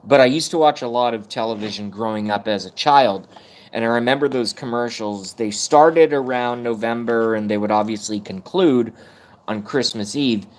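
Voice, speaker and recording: In a loose live-stream rant, a man in his thirties talks at a moderate pace in a medium-pitched voice, rambling, poking fun at himself and cursing heavily.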